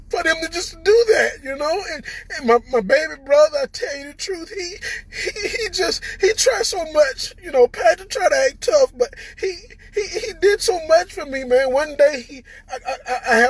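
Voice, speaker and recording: Tearful Southern man, voice cracking high. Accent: Southern American. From Southern United States. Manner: halting, repeats words, stammering. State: tearful, voice breaking. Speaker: recovered patient addressing viewers. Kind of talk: emotional personal testimony.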